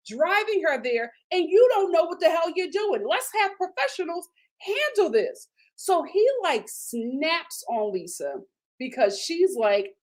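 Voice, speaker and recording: A woman hosting a casual TV recap, animated and indignant, her voice jumping up high when she gets outraged. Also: moderate pace. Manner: casual, with fillers and slang. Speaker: host. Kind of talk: live TV recap commentary.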